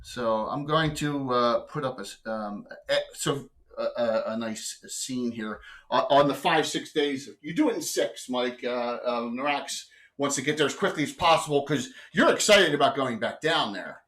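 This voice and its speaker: A man's voice: mid-range voice, lively intonation, normal speed, fairly bright tone. A man running a live tabletop game as game master, talking in a rambling way with many fillers and restarts.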